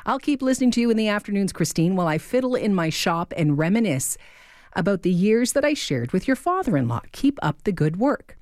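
Her mid-range voice is very animated and a little fast, with a darkish tone and no echo. Talking between songs on her afternoon radio show, she reads a listener's email into the studio microphone so heartfelt that she's moved to tears.

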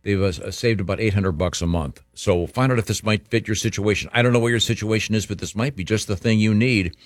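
A man's voice: lowish voice, brisk, no echo. A man radio host reading an ad in a loose, conversational way. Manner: loose, conversational, with fillers and restarts. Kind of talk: live-read radio ad.

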